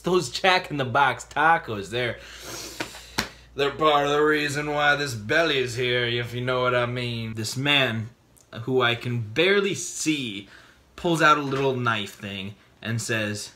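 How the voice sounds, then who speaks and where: A man vlogging to camera, telling personal stories with big dramatic reactions and acted-out quotes. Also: unhurried. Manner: excitable, acts out voices in his stories with big pitch jumps. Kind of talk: animated storytelling to camera.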